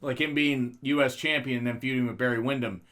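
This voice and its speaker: A man talks casually about wrestling as a podcast co-host. He swears freely, cracks jokes and laughs at them himself, at a middle pitch. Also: fairly even intonation, fairly quick, fairly bright tone. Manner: loose, profane, laughs at his own jokes.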